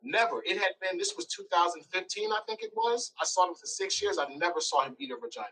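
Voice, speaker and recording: Guy telling his story in an interview, gets loud acting out what people said, bright voice kinda far from the mic. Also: sits high, fast, a little hiss or hum. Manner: animated storytelling, acts out quoted lines loudly. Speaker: interview guest.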